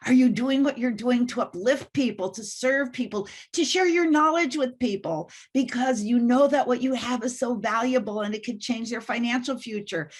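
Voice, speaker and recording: Animated woman telling a funny story. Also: fairly high pitch, normal speed, hardly any pauses, breathy edge. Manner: animated, self-deprecating, acts out quotes. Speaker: guest mentor. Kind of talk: casual storytelling interview.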